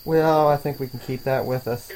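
A man's voice: mid-range voice, fairly even intonation, moderate pace, a little mellow, low-quality recording. A man playing the dry, teasing straight man in an improvised comedy dialogue. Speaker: co-host and comic foil.

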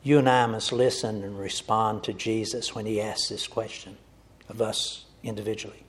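A man delivers an earnest sermon in a husky, slightly rough voice. He speaks to his listeners directly and calls them folks. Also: on the low side, little pitch movement, moderate pace. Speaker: preacher.

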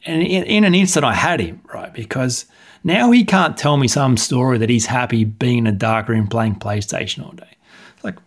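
A man's voice: medium pitch, fairly quick. A man, a coach and author, telling stories bluntly and animatedly in a podcast interview. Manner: blunt, animated retelling with acted dialogue.

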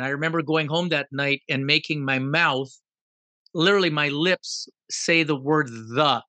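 A man's voice: mid-range voice, pushed and bright, no room sound. A man in casual conversation, talking emphatically and firing off rhetorical questions.

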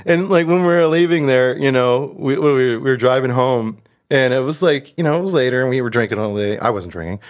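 A man's voice: mid-range voice, a little fast. A man chatting casually over a video call, telling rambling family stories with lots of laughter and restarts. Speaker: podcast co-host, father. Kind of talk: casual storytelling chat.

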